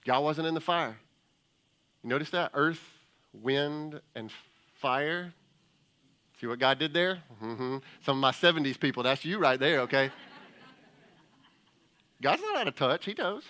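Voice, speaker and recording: A man's voice: medium pitch, animated, normal speed, pauses often, pushed and bright. A man preaching a sermon as lead pastor, building emphasis through repeated rhetorical questions and joking with the congregation. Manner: jokes with the congregation. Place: church service before a congregation.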